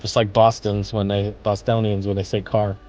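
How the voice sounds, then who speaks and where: Man, lower voice, playful teasing, frequent laughter, casual gaming chat. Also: flat delivery, moderate pace, a little mellow, lo-fi sound, slight background noise.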